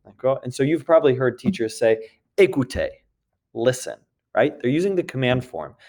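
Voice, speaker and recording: A man's voice: medium pitch, lively intonation, normal speed, darkish tone. A man teaching a recorded grammar lesson, patiently repeating points and checking in with his students as he goes. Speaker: French teacher.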